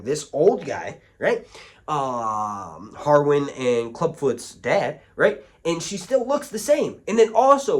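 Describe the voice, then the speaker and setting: A man talking casually to camera as a video reviewer, rambling through restarts and tangents in an animated way. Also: high voice.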